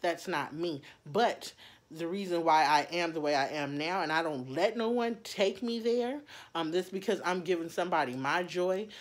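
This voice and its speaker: A woman vlogger talking personally to her viewers in an earnest, heartfelt way, halting often with fillers and restarts. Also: lowish voice. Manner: heartfelt, speaks straight to viewers. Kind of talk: personal talk to camera.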